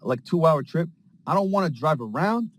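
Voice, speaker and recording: A man chatting casually from a parked car, telling a rambling, excitable story packed with fillers and slang. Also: a little high, moderate pace, poor audio. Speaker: space participant. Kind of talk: casual chat.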